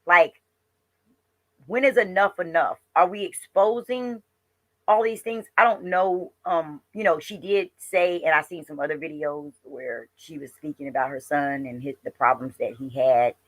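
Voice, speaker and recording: A woman's voice: low-pitched, steady tone, normal speed, no echo. A woman hosting a casual reaction commentary, chatty and talking straight to her viewers. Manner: chatty, addresses viewers as y'all and honey. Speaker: host reacting to a clip.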